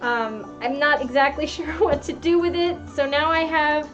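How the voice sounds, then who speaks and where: A woman with a high, bright-pitched voice talks casually as she hosts a home sewing livestream. She is chatty and excitable and laughs easily. The audio is a little dull, and soft music plays faintly behind her. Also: normal speed. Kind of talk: casual chat while sewing.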